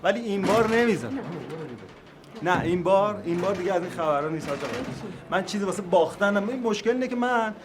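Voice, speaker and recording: An actor playing a hot-tempered, lower-class husband who shouts and pleads in a film drama. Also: male voice, rapid-fire, natural voice. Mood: desperate.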